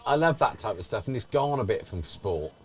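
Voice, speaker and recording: A man co-commentating on a local cricket match, teasing his partner in animated banter. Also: mid-range voice, brisk. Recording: faint background noise.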